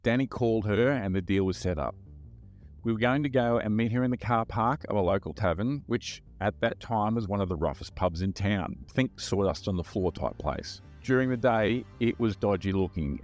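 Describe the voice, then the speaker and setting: A man's voice: fairly low pitch, a little mellow. A man, a podcast host recounting his undercover days in a plain-spoken, wry first-person telling. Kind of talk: first-person true-crime storytelling.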